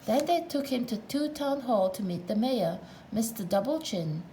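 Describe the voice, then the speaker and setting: A woman's voice: fairly high pitch, lively intonation, normal speed, dark tone, slight background noise, low-quality recording. A woman narrating a children's storybook aloud, with playful asides to the listener.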